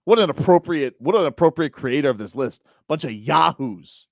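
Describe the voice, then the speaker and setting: A man co-hosting a sports radio show, ranting and sarcastic with loud outbursts, on a studio mic. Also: on the high side, lively intonation, normal speed, gravelly, hardly any pauses, no echo. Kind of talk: animated sports talk radio banter. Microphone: studio broadcast mic.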